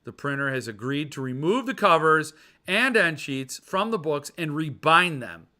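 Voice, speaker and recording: A man's voice: fairly high pitch, expressive, moderate pace, bright, forceful tone. A man hosting a casual podcast, rambling and joking as he reads viewer comments and rants. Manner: rambling, jokey, goofs around with mock voices. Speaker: podcast host. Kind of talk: ranting casual chat reading viewer comments.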